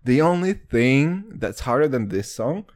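A man's voice: very animated, measured pace. A young man hosting a podcast in casual chat, rambling and swearing a lot, joking as he goes and jumping between topics. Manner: rambling, profane, jokey, wildly swinging pitch. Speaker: podcast host.

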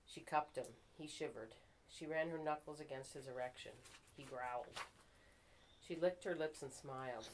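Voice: medium pitch, brisk, a little hiss or hum, poor audio. A writing group member reading their own fiction aloud and stopping now and then to fix slips. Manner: reads steadily, stops to fix slips and apologizes.

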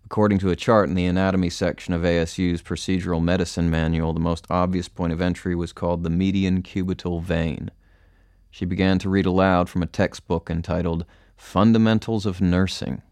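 Deep, flat-voiced male narrator. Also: brisk, no echo, studio quality. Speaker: audiobook narrator. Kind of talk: scripted first-person narration.

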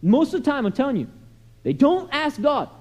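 A man preaching a sermon in a conversational, storytelling way, sliding from soft asides to loud, emphatic lines. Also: very high voice, huge pitch swings, moderate pace. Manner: conversational storytelling with many "you know" and "right?" asides. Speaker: pastor.

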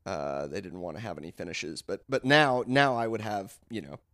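A man chatting casually as a podcast co-host, his voice smooth and resonant. He rambles excitedly and restarts his sentences often. The sound is close and dry, with no room echo. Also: low voice, normal speed. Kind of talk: casual wrestling chat.

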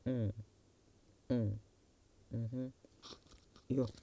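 A young man hosting a casual solo podcast, rambling and mocking himself with sudden loud outbursts, recorded on a tablet. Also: medium pitch, flat delivery, very slow. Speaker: podcast host. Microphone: tablet recording app.

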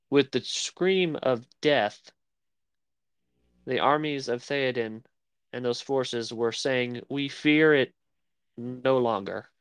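On a laid-back film podcast, this male co-host speaks in a clean, mid-range voice with no audible room sound. His talk wanders, and he often hunts for the right word.

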